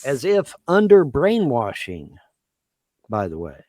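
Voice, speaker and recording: A man's voice: mid-range voice, wildly swooping pitch, takes it slowly, warm tone, no room sound. A man in a bitter, accusatory rant to his viewers, repeating his points over and over. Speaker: livestream host. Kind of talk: aggrieved ranting monologue.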